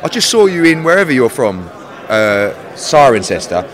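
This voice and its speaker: A man in his forties, a boxing promoter, teasing and mocking his interviewer in animated, swearing banter outdoors. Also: mid-range voice, moderate pace. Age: 40s.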